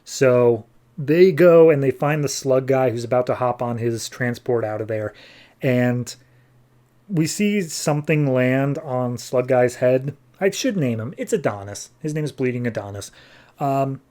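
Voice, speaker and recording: A man's voice: medium pitch, mellow. A man hosting a podcast, casually recapping a comic book in an offhand way with lots of fillers. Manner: offhand, filler-heavy retelling with quick put-on quotes. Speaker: podcast host.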